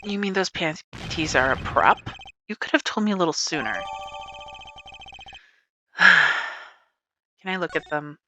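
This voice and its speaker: A woman's voice: fairly low pitch, expressive, a little slow, pauses often, bright, forceful tone, soft background music. A woman casually commentating a game she plays, chatty and giggly, reading dialogue aloud. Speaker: let's play streamer.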